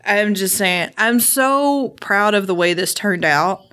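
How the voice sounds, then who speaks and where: A woman's voice: mid-range voice, lively intonation, takes it slowly, pushed and bright, smooth. A woman with a Southern country accent, chatting casually as a guest on a podcast recorded at a distillery and laughing easily. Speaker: whiskey blender guest. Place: distillery office.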